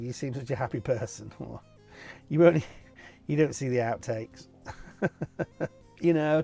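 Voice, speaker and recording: A man's voice: mid-range voice, gravelly, warm tone. A cheerful middle-aged man hosting a casual Q&A, reading out viewer questions and answering them in a jokey, chatty way. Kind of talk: casual Q&A video.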